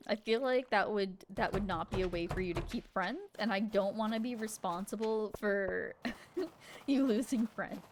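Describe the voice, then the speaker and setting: Playing a farming game on a live stream, a woman with a mid-range voice talks at a moderate pace over game music and light background noise. Her chat is casual and playful, peppered with giggles and remarks to herself.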